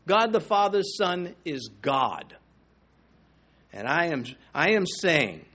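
A man preaching a sermon, emphatic and swinging between loud declarations and hushed asides. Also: sits high. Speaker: pastor.

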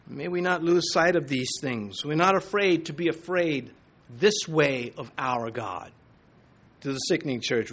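A man with a high-pitched voice preaches a sermon from a church sanctuary. He quotes scripture with forceful, building intensity, pressing his points hard before easing back into plain talk. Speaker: pastor.

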